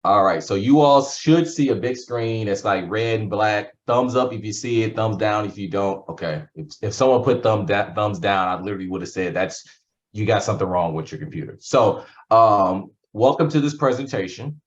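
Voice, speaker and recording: A man's voice: fairly low pitch, moderate pace, highs cut off. A man giving a workshop presentation over a video call, talking conversationally with a sarcastic streak. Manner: conversational, uses sarcasm and analogies.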